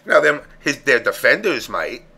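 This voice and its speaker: Gravelly, blunt-talking male host. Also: mid-range voice, moderate pace. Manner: blunt, profane, animated. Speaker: show host. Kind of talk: casual stream talk.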